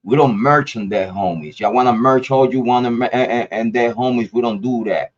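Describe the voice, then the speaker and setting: A man's voice: medium pitch, brisk. Angry ranting man, dull lo-fi audio. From Ohio. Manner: heated, profane, repeats and stumbles over words. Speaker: YouTube commentator. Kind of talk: angry direct-to-camera rant.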